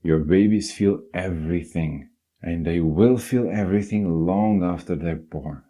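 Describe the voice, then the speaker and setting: Deep-voiced man, earnest narration. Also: measured pace, dark tone. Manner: earnest, direct, addresses listener. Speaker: self-help narrator. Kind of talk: scripted motivational narration.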